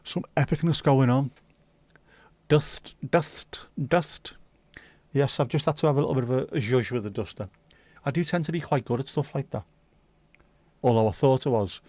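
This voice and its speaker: A man hosting a casual livestream, chatty and jokey, answering viewers as he goes. His voice sits at a middle pitch. The recording is dry, with no room echo. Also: brisk, warm tone. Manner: chatty, jokey, reacting to chat. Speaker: livestream host.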